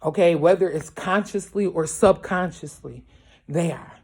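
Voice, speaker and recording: A woman's voice: on the low side, unhurried, breathy edge. A woman, a mother, giving a casual tarot reading at home late at night, talking bluntly with heavy swearing and constant check-ins with her viewers. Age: young adult to middle-aged, a mother. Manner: blunt, profane, emphatic, keeps asking "you feel me"; grows louder as she gets worked up. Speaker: tarot reader.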